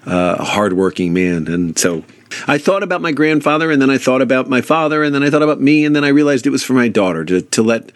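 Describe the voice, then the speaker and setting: A man's voice: medium pitch, no echo. A man from New York, an actor and comedian being interviewed, telling earnest family anecdotes. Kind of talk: interview storytelling.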